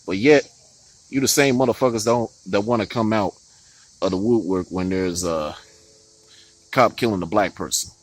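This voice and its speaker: A man's voice: fairly low pitch, normal speed, pauses often, no echo, poor audio. A man giving heated, profane political commentary on his vlog, often stopping to laugh and restarting his words.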